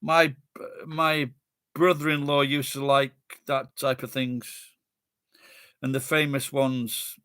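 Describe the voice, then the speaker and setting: A man's voice: medium pitch, flat delivery, slow, pauses often, a bit bright, smooth, no room sound, clean studio sound. A middle-aged man with a Sheffield accent, rambling in casual chat with friends and swearing bluntly. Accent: Sheffield English. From Sheffield, England.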